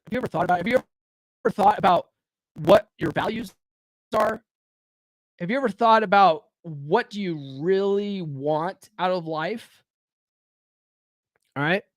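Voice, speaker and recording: Here a man with a high-pitched voice talks a little slowly, pausing often, in a clean studio recording without room sound. His solo podcast covers dating and self-improvement in a casual, blunt, profane style. He repeatedly asks "right?" and throws rhetorical questions that challenge listeners head-on.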